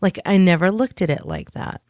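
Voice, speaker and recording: Low-voiced woman telling a candid story. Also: normal speed, darkish tone, no echo, clean studio sound. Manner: candid, rambling storyteller who swears offhandedly. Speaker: podcast co-host. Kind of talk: casual chat.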